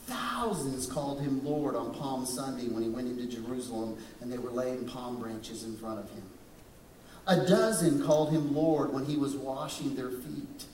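A pastor preaches in a church sanctuary, dramatic and questioning, putting on voices for the people he quotes and asking the congregation questions. His voice is medium-pitched, moderately paced and a little mellow. The distant mic catches an echoey room with slight background noise.

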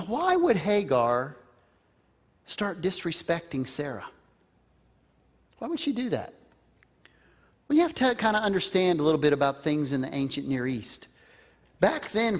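A man's voice: fairly high pitch, big pitch swings, moderate pace, pauses often. A man preaching a sermon in a conversational way, putting questions to the listeners. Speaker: pastor.

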